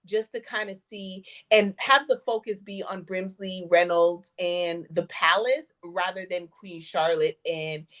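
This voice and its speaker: Relaxed, musing woman co-host. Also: on the low side, measured pace, few pauses. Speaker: podcast co-host. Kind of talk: casual chat.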